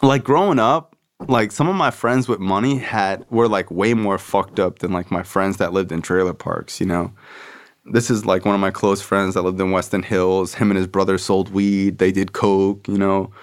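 Male podcast host, lower voice, loose profane street slang, casual storytelling. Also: fairly even intonation, moderate pace. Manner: slangy, profane, fills with "like", acts out friends' voices.

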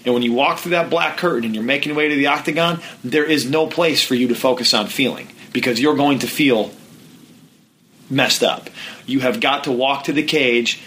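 A man hosting a podcast, talking as a mental game coach in an energetic, emphatic, plain-spoken way. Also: medium pitch, normal speed, slight background noise, rough recording. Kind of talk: motivational coaching talk.

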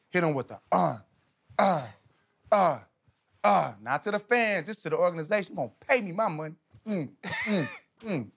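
A man in his thirties, a podcast guest, telling stories in a casual, animated, slangy way, often laughing. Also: high-pitched. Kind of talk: casual storytelling.

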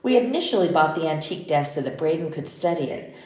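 A woman narrating a first-person audiobook in a measured, intimate way. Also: low-pitched, expressive, a little mellow. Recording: roomy echo.

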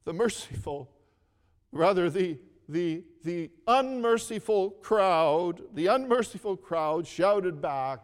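A man preaching a sermon at a slow, deliberate pace, his voice a touch high. He tells the story earnestly and repeats key phrases. Long reverb hangs after each line. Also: animated. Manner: earnest storytelling, repeats phrases, asks the listeners to read along.

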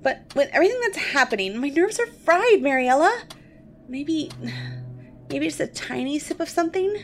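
A woman's voice: high voice, sing-song, moderate pace, faint music behind. A woman playing a squeamish, fussy and nervous young woman in an audio drama.

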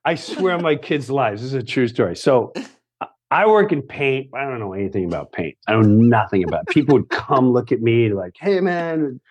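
A man in his fifties from Long Island, a comedian telling a story in casual chat, animated, acting out other people's voices, swearing and laughing often. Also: mid-range voice, brisk, husky, lo-fi sound. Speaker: comedian guest.

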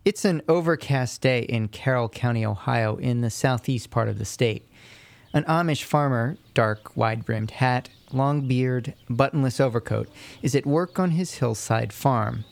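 Man, news feature narration, gravelly voice, dry studio sound, measured delivery. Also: mid-range voice, no echo. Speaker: radio reporter.

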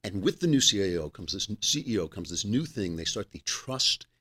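A man's voice: moderate pace, husky. Sarcastic middle-aged man, political commentary. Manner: sarcastic, animated, talks with his hands in pitch swings. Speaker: podcast host.

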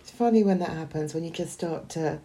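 A woman co-hosts a podcast in a casual chat, her voice very low and mellow. She draws people out with probing questions. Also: brisk. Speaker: podcast co-host.

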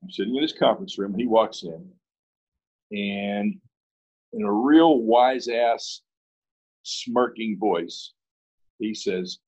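A man's voice: fairly low pitch, takes it slowly, long pauses, darkish tone, slightly rough, highs cut off. A man from Pittsburgh, a guest in an interview, telling a story in a casual way and acting out both sides of the dialogue.

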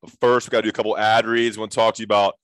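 Male podcast host, clear resonant voice, dry studio sound, relaxed delivery. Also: on the low side, rapid-fire, no echo. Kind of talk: casual interview and ad reads.

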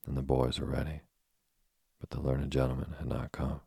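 A man narrating a storybook in a steady, measured reading. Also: very deep voice, creaky, slightly rough, dry recording, clean studio sound. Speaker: audiobook narrator.

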